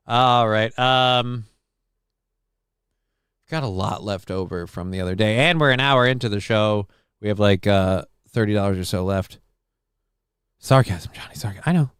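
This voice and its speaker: A man hosting a live call-in stream, reading out chat comments with dry deadpan humor, rambling and swearing casually. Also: lowish voice, moderate pace, smooth, dry recording. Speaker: livestream host reading chat.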